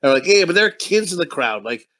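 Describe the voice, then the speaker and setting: A man's voice: a little high, big pitch swings, fast, a bit bright. A man co-hosting a casual movie review podcast, telling a rambling, profane story and laughing often. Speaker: podcast co-host.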